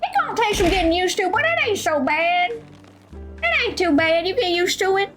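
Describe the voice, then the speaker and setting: Woman doing a folksy Southern U.S. drawl, high-pitched painter voice, drops words, faint music behind. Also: sing-song, normal speed. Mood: excited. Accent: put-on Southern U.S.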